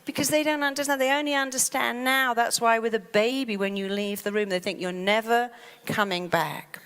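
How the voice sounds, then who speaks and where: A woman, a therapist, giving a lively motivational talk and acting out panicky inner voices. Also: a little high, moderate pace, clear, resonant tone, big-room sound.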